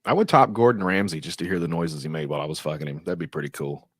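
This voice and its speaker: Low-voiced, blunt male podcast guest. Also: fast, slightly rough, no room sound, clean studio sound. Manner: blunt, crude humor, swears freely. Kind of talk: casual chat.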